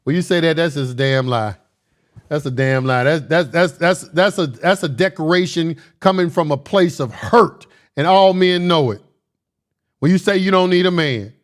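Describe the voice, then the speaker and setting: A man giving casual commentary, reading verses aloud and arguing bluntly and emphatically, often laughing. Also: a little high. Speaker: commentator reading and discussing scripture.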